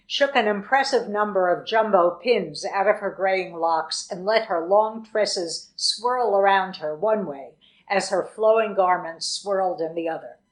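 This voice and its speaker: A woman narrating first-person fiction in a wry, sardonic manner. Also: mid-range voice. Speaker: audiobook narrator. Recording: roomy echo.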